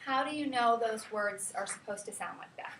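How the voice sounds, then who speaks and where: A woman teacher giving a classroom lesson, lively and chatty, often checking in with her students. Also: fairly high pitch, normal speed. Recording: roomy classroom from a far camera.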